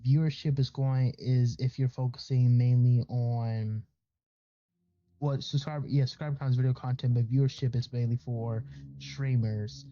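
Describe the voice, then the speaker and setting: A man's voice: medium pitch, steady tone, moderate pace, dark tone, highs cut off. A man giving a casual, rambling educational talk as a streamer, full of fillers and restarts. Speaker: VTuber content creator.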